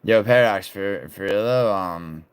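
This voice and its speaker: A man's voice: fairly low pitch, measured pace, smooth. A man streaming live, casually reading and bantering with viewers' messages in a loose, profane way.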